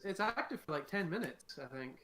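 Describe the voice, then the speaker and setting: A man's voice: high voice, expressive, brisk, crowd noise. Chatty male tabletop player. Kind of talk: casual tabletop game chat.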